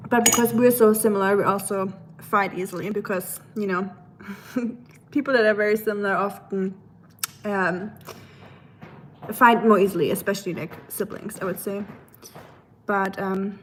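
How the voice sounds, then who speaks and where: A woman's voice: medium pitch, fairly even intonation, normal speed, pauses often, a little hiss or hum. A young woman from Germany's Black Forest with a German accent, chatting casually with viewers on a livestream and reading their comments, with lots of fillers. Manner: chatty, switches between English and German, many fillers. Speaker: livestream host.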